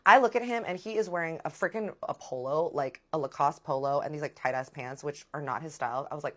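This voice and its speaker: Animated woman telling a dramatic story. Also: sits low, quick pace, hardly any pauses. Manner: animated, dramatic, addresses viewers as y'all. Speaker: storytime vlogger. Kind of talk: casual storytelling.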